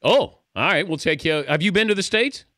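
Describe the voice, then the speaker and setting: Male radio host, animated pitch, dry studio sound, joking, friendly. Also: fairly quick, no room sound. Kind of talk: radio interview.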